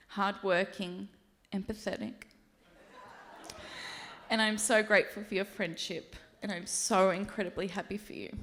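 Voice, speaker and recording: A woman's voice: medium pitch, fairly bright tone. A woman giving a maid of honor speech at a wedding reception, reading a prepared toast and laughing and tearing up along the way.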